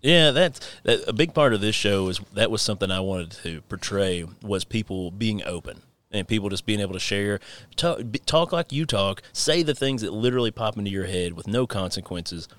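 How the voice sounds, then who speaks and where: A man's voice: lowish voice, normal speed. A man in his thirties hosting a casual podcast, rambling through stories with frequent laughs. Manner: laughs often, rambling and animated storytelling. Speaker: podcast host.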